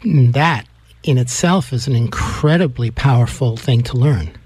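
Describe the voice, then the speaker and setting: A man's voice: medium pitch, unhurried, darkish tone, slightly rough, no room sound. A man as interviewer, thoughtful and enthusiastic as he frames his questions. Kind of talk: conversational interview.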